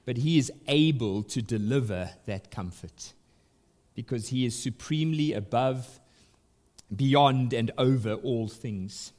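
At a church service, a male pastor preaches a sermon emphatically and deliberately, his pitch and volume swinging upward to drive his points home. His tone is darkish.

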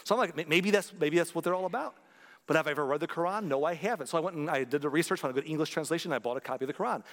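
A man's voice: fairly high pitch, rapid-fire, fairly bright tone, in a large hall. A man who is a pastor, preaching a sermon in an earnest, conversational way, rising to emphatic points.

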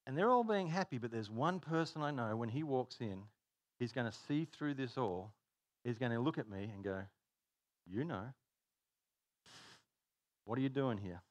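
Brief: lively male pastor, sermon delivery, pitch leaping up and down, dry close sound. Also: moderate pace, dry recording. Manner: animated storytelling, laughs at own jokes.

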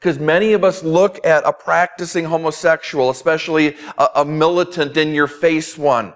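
A male pastor delivers a sermon in an earnest, emphatic way, stacking repeated phrases for weight. His voice sits somewhat higher than most men's. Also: steady tone, moderate pace, hardly any pauses. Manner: earnest preaching with emphatic repetition.

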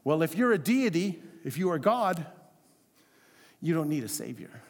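High-voiced pastor preaching in a reverberant hall. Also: male voice, sing-song, moderate pace. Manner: conversational, asks the congregation questions. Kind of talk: sermon.

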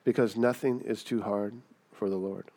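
A man's voice: on the low side, fairly even intonation, moderate pace, mellow. A man preaching a sermon in a conversational way, often asking rhetorical questions. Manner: conversational, asks rhetorical questions, acts out voices.

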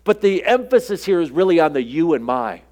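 Guy preaching, kinda high voice, chatty sermon, does little voices for the people in the story. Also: very animated, fairly quick, a little mellow. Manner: conversational preaching, acts out quoted dialogue. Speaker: pastor.

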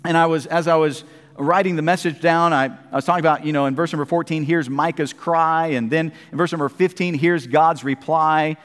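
A man's voice: a little high, steady tone, brisk, fairly bright tone, clean tone, long reverb tail. A man preaching a sermon, chatting casually between emphatic scripture readings at a church service.

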